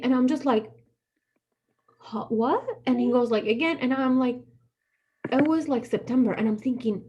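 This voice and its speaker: Chatty woman, high mellow voice, animated storyteller, muffled lo-fi recording. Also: normal speed, slightly rough. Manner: animated storyteller, acts out quoted voices, laughs often. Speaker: friend chatting. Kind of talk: casual chat.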